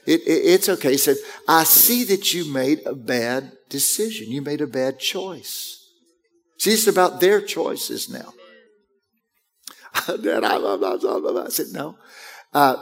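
Preaching man, slightly high voice. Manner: conversational preaching with acted-out parent and child quotes. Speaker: pastor. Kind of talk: sermon.

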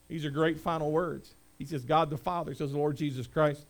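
Middle-aged pastor guy with a high voice, preaching, goes big and loud then quiet and folksy. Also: steady tone, a little fast, hardly any pauses. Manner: swings from loud proclamation to quiet conversational asides. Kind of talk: sermon.

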